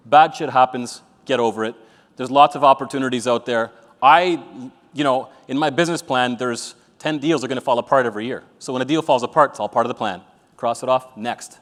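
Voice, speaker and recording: A man's voice: mid-range voice, fairly bright tone. A man gives a live motivational talk to a room full of people. He speaks bluntly with plenty of swearing and tells stories with a joking edge. His voice carries a long reverb from the event hall. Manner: blunt, profane, joking storyteller. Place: event venue with an audience.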